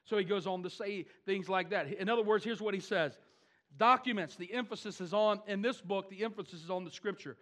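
A man preaching a sermon to his church, animated and with wry asides. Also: high-pitched, brisk, few pauses. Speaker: pastor.

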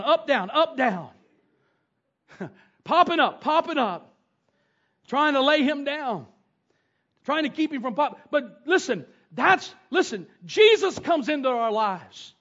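A man, preaching a sermon with animated, homespun storytelling. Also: very high voice, measured pace. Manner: animated storytelling with down-home grammar. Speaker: pastor. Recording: dull lo-fi sound.

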